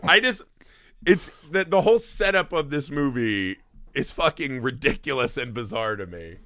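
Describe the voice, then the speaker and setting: Brash co-host, thirties, bright tone, dead-dry recording, crude jokes. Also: male voice, moderate pace, no echo. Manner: profane, animated, jumps into high mocking voices. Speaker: podcast co-host. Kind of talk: casual film podcast chat.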